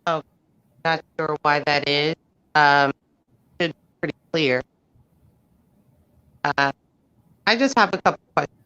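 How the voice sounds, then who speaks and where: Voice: medium pitch, takes it slowly, long pauses, sharp tone, clean tone, no echo. A defense attorney in a mock trial speaks hesitantly with many fillers. The voice is muffled and completely dry, as a video call carries it. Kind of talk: courtroom talk on a video call.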